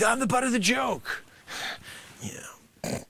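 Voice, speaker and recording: A man with a high, bright, sharp voice improvises a sarcastic comedy sales pitch on a live stream. He rambles through filler phrases and swoops wildly up and down in pitch, breaking into loud bursts. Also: slow pace, gravelly, no echo. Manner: animated, jumps to loud outbursts.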